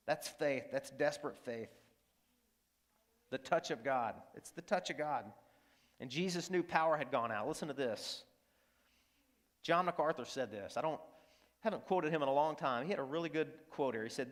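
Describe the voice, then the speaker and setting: Earnest preacher with a high-ish voice in an echoing hall. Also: male voice, normal speed. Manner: earnest, repeats lines for emphasis, asks the audience questions. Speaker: pastor. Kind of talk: sermon. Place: high school auditorium. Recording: long hall reverb from the auditorium.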